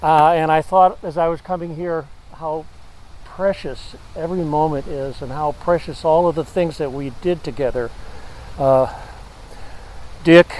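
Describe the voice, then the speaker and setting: A man sharing earnest, halting memories of a friend at a memorial. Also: fairly high pitch, darkish tone, a little hiss or hum, poor audio. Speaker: memorial speaker. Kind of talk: personal eulogy.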